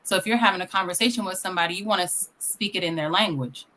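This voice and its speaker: A woman's voice: lowish voice, rapid-fire, bright, forceful tone, slight background noise. A woman from Iowa on a casual live-stream panel, explaining her view at length with examples from her own family.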